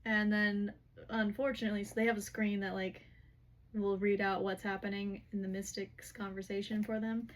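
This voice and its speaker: With a mid-range, flat voice at a moderate pace, a woman rambles through a fantasy novel recap for her book vlog. Her chatty delivery is stuffed with "like" and "whatever."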